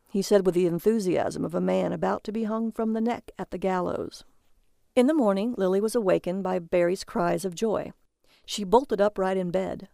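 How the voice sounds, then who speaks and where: A woman's voice: mid-range voice, creaky, mellow, no room sound. A woman reading a comic short story aloud as narrator, in a dry, matter-of-fact manner.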